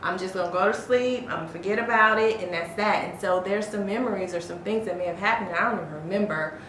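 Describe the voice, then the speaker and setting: Bright-voiced woman sharing her story. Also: medium pitch, quick pace, slight background noise. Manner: earnest, often laughing at herself, says "y'all". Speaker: podcast co-host. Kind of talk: candid personal storytelling. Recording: echoey room.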